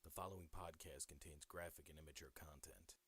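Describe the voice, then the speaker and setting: A man's voice: a bass voice, steady tone, fairly quick, fairly bright tone, slightly rough. A man reading a scripted warning and welcome as the show's announcer. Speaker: show announcer.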